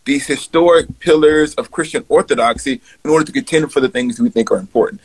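A man's voice: mid-range voice, fast, darkish tone, a little hiss or hum, poor audio. A man speaking earnestly in a played clip about faith and justice. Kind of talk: public talk on faith.

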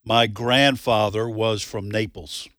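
A man's voice: lowish voice, steady tone, takes it slowly, a bit bright, dry recording, studio quality. A man co-hosting a live radio talk show, chatting casually, laughing often and rambling with restarts. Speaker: radio co-host.

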